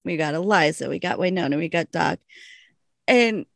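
Giggly woman with a gravelly edge. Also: lowish voice, normal speed, no room sound. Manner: giggly, animated, acts out quoted lines. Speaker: podcast co-host. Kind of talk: casual chat recapping a TV show.

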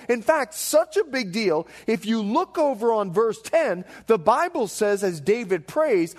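A man in his forties, a pastor preaching a sermon to a congregation with animated storytelling, acting out the voices he quotes. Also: very high-pitched, normal speed, few pauses. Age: 40s. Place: church hall before a live congregation.

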